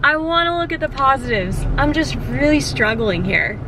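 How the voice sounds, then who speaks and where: A young woman talks to her camera from a parked car, her voice sitting fairly high and wavering as she fights back tears. She rambles in loose casual phrases packed with fillers. The hum of cars and the street comes through clearly behind her. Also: lively intonation, moderate pace. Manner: rambling, emotional, frequent "like" fillers. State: close to tears. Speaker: vlogger. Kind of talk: casual vlog talk to camera.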